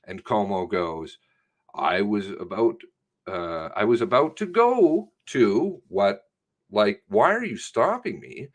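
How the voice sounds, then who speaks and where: Halting, animated police sergeant retelling. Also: male voice, lowish voice. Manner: halting, profane, self-correcting retelling. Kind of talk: recorded statement recounting an incident.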